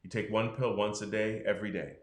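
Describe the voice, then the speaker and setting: Low-voiced male doctor explaining frankly. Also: fairly even intonation, brisk, roomy sound. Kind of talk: health podcast conversation.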